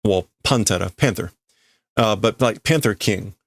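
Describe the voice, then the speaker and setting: A man's voice: fairly low pitch, a little slow, gravelly, no echo, studio quality. A man livestreaming as he reads and translates manga in a casual way, thinking aloud and often stopping to correct himself.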